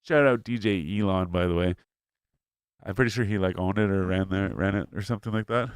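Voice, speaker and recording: A young man chatting as podcast co-host, with a smooth, clear voice that sits a little low. He rambles and swears, stacking fillers as he goes. The sound is dry and close. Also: brisk, no room sound. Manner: rambling, profane, lots of "like" fillers. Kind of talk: casual chat. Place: home studio.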